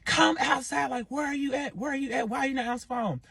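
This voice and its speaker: A man voicing a shrill furious baby mama. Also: fairly even intonation, quick pace, vocal fry, slightly rough, no echo, full character voice. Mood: demanding. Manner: yelling, demanding. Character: furious young woman, baby's mother.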